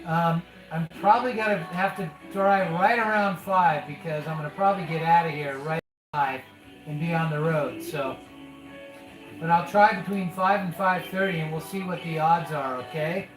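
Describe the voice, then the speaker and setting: A man's voice: a little high, normal speed. A man hosting a casual live stream as a father, folksy and chatty, calling his listener son. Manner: folksy, calls the listener son, chatty about betting odds. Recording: echoey room with loud music.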